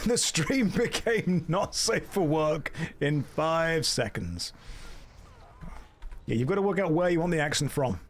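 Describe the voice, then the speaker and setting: A man's voice: on the high side, lively intonation, unhurried, a little hiss or hum. A man chatting casually and joking dryly as he plays a game and answers his chat. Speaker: streamer. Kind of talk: casual chat while gaming.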